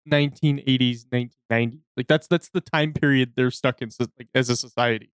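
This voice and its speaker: A young man co-hosting a podcast with quick, jokey interjections. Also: mid-range voice, fairly even intonation, clear, resonant tone, no echo. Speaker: podcast co-host. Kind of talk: casual chat.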